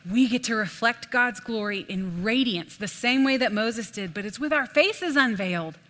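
Young adult woman, animated folksy sermon, bright forceful tone, long hall reverb. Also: on the high side, normal speed. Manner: animated, folksy, says "y'all". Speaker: preacher.

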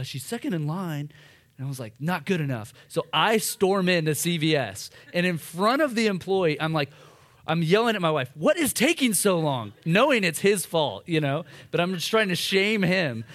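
A man in his thirties preaching in church, telling a self-deprecating story in a casual, animated way. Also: a little high, moderate pace. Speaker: pastor. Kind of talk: sermon with personal story. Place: church hall.

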